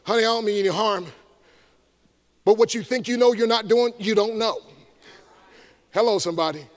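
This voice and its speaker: A man, an evangelist giving an energetic motivational talk to a live audience, with shouted call-and-response. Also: high-pitched, moderate pace. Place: large room before a live audience.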